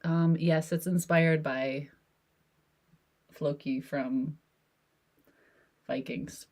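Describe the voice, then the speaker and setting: A woman hosting her art channel, chatting casually while she sketches at her desk in her home office. She rambles at an easy, slow pace and laughs often. Her voice is fairly low and husky-breathy. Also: fairly even intonation, a little mellow. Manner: giggly, rambling, with frequent laughs. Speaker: artist and video host.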